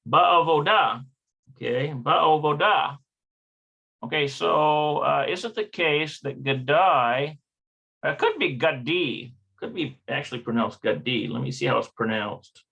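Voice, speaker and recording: Slow, gravelly man teaching a lesson. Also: fairly high pitch, bright, forceful tone, muffled recording. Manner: hesitant, thinking aloud, checking pronunciations. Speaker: Hebrew teacher. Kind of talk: slow online language lesson.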